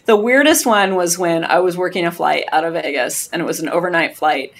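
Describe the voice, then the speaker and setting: A woman who works as a flight attendant, a guest telling a story in casual podcast chat, lively and laughing between phrases. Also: on the low side, moderate pace, creaky.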